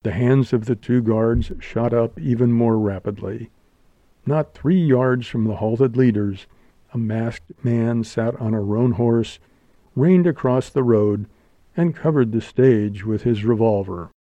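A man's voice: medium pitch, unhurried, mellow, dry recording, lo-fi sound. A man reading an audiobook aloud, narrating steadily. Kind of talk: scripted narration.

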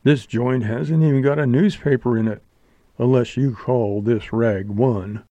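A man's voice: medium pitch, steady tone, a little slow, mellow, dry recording, dull audio, natural voice. A man voicing a vain young male actor in an audiobook, slangy and mock-solemn. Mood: indignant. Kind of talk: audiobook character voice.

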